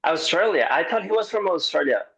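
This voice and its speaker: A man coach in casual roundtable chat, animated and joking, with hesitant restarts and the odd swear. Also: sits high, a little fast, vocal fry, rough recording.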